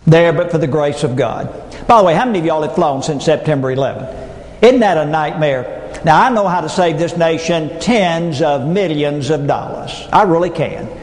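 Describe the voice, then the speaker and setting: With a darkish, expressive voice pitched a little high, a middle-aged motivational speaker talks at normal speed. His keynote to a large-hall audience is funny and folksy, driven by stories and punchlines, and the room's long reverb gives it an echo.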